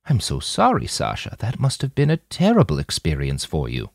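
A man voicing Nanayazi, a kind elderly woman who speaks softly and motherly. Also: low voice, wildly swooping pitch, moderate pace, vocal fry, slightly rough, no echo, clean studio sound, full character voice. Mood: gentle. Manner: soft, motherly and soothing.

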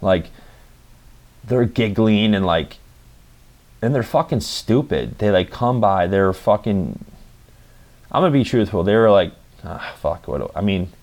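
A man's voice: on the low side, lively intonation, a little slow, long pauses, a little mellow. A young man telling a story in a casual, rambling monologue, swearing often and filling gaps with "like" and "you know.". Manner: rambling, profane, full of fillers.

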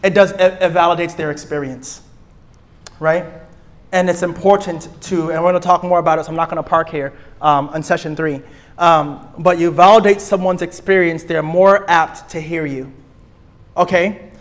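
A young man teaches a church group, his voice sitting high for a man. He is lively and playful, acting out small scenes and hammering his main points by saying them twice. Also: moderate pace. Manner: lively, playful, acts out little scenes and repeats key points.

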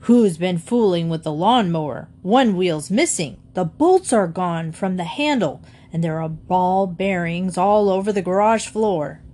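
A woman reading as a gruff, blustering husband. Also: fairly low pitch, lively intonation, unhurried, hardly any pauses. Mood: angry. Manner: loud, gruff and indignant. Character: blustering grumpy husband, middle-aged man.

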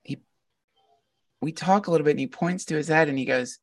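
A man, a podcast guest, telling a heartfelt personal story in an animated, earnest way and often laughing. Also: a little high, a little fast, long pauses, dry recording, distant mic. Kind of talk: casual storytelling conversation.

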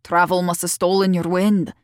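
A woman's voice: fairly low pitch, flat delivery, moderate pace, dry recording, studio quality, lightly acted. A woman voicing a terse, clipped local man. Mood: gruff. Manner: terse, clipped dialect speech. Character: gruff taciturn local man, gentle but clipped.

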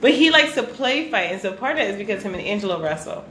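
A woman in her thirties co-hosting a casual chat, animated and quick to laugh. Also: mid-range voice. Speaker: podcast co-host. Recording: echoey room with faint noise.

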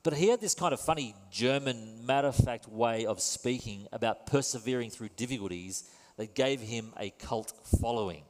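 A man's voice: mid-range voice, normal speed. Man, pastor, sermon, wry, conversational, long church-hall reverb. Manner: conversational, wry, self-deprecating.

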